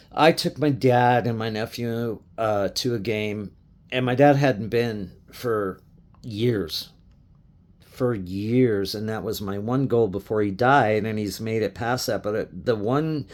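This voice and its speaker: A middle-aged man from Colorado, a sports fan, talking passionately to camera in an emotional rant, repeating himself, swearing, and getting choked up. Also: lowish voice. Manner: impassioned, repetitive, swearing, restarts.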